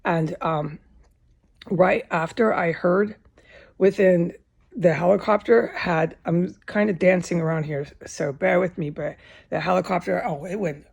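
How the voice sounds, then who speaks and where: Gravelly, agitated woman ranting. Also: fairly low pitch, unhurried, a little mellow, dull audio. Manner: agitated, profane, indignant. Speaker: vlogger. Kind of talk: angry ranting vlog.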